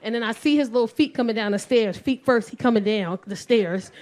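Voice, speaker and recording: A brash woman in her forties with a New York accent, telling a profane stand-up set with loud bursts. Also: on the high side, fairly quick. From South Bronx, New York. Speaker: stand-up comedian.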